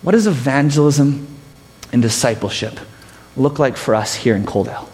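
A man's voice: mid-range voice, expressive, normal speed, a little mellow, big-room sound. A man preaching a sermon as pastor, telling stories with self-mocking humor.

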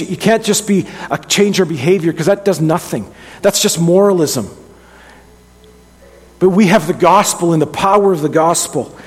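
A man's voice: on the high side, husky. Earnest middle-aged man preaching in a hall. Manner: earnest, conversational with frequent restarts. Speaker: pastor. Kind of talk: sermon. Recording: long hall reverb.

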